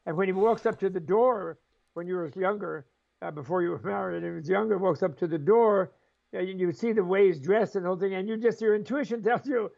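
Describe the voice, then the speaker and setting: Brisk and high-pitched with a creaky, somewhat dark tone, the older scholar of Buddhism, here as an interview guest, rambles through animated stories, laughing softly and mimicking the voices in them. The audio is dull.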